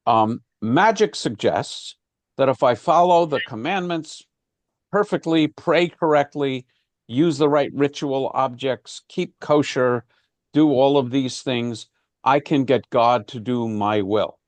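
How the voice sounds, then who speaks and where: A man leads an informal class, explaining ideas in a conversational way and often restarting his sentences. His voice sits at an ordinary pitch, and the sound is dry and close. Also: slow pace, dry recording. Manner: conversational, with frequent restarts and fillers. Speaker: class teacher.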